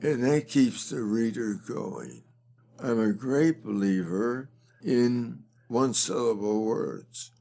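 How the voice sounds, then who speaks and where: An older man, a fundraising expert, talking slowly and deliberately as a guest in a conversational interview. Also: medium pitch, creaky, mellow.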